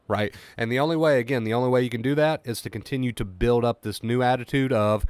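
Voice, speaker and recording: A man's voice: mid-range voice, fairly quick, few pauses, clear, resonant tone, no echo. A man coaching a live-stream chat on anxiety recovery, talking emphatically and repeating rhetorical questions.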